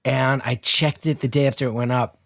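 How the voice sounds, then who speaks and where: Man, podcast co-host, animated storyteller, mid pitch, acts out quotes, dry close sound. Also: fairly quick, no room sound. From North Jersey. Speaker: guest co-host. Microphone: video call.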